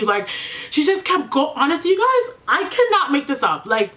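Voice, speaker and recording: A woman's voice: high voice, sing-song, normal speed, fairly bright tone. A woman vlogger telling a painful personal story to her viewers, chatty, full of fillers and close to tears. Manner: chatty, fills with "like", speaks to viewers as "you guys". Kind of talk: emotional get-ready-with-me storytelling.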